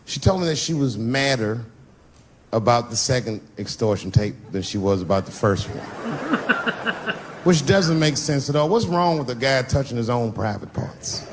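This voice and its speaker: Stand-up comedian, lively voice, laughing crowd. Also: male voice, a little slow, noisy background. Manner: acts out characters, jumps into high shouts. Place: large venue on stage.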